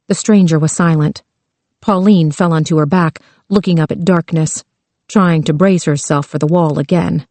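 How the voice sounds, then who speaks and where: A woman narrating a thriller audiobook with a slow, tense delivery. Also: low voice, steady tone, darkish tone, no room sound.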